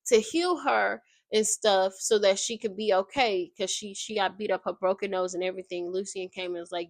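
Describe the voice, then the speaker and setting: A woman giving a casual, slangy, animated recap of a book as a video creator. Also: medium pitch, moderate pace, hardly any pauses, dry recording.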